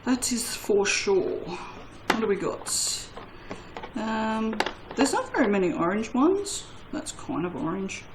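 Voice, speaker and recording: A woman's voice: medium pitch, big pitch swings, slow, background noise. A woman who hosts a soap-making channel and chats casually and self-mockingly to her viewers while she crafts, laughing often.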